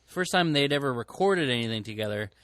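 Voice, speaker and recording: Male record-store podcast co-host, mid-pitched, rambling casual delivery, dry sound. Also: expressive, fairly quick, a bit bright, no room sound. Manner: rambling, self-correcting, many fillers. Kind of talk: casual chat.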